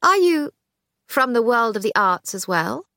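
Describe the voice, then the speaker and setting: A woman voicing a polite, educated middle-aged male civil servant with a high drawl. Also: very animated, unhurried, sharp tone, no room sound, clean studio sound, full character voice. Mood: genial. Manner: polite, ironic.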